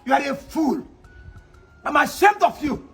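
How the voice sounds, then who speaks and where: A man playing an angry, shouting older Nigerian father in a comedy skit, scolding and threatening his daughter's suitor. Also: extremely high pitch, animated, a little slow, creaky, faint music behind, heavily acted. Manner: loud scolding, insults and threats.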